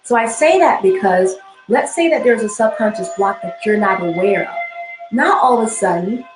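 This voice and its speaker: A woman's voice: mid-range voice, expressive, normal speed, roomy sound, music in the background, poor audio. A woman spiritual teacher giving an instructional talk, often repeating phrases and checking in with "okay?".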